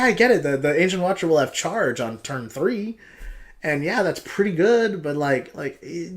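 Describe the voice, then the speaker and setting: A man reviewing game cards in a casual, profane, ranting style. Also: on the high side.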